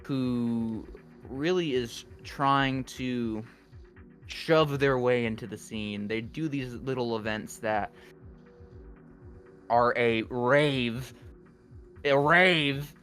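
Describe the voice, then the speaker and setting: A man's voice: mid-range voice, extremely slow, long pauses, a bit bright. A young man, a guest music producer, chatting candidly on a podcast and rambling with lots of fillers. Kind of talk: casual podcast chat.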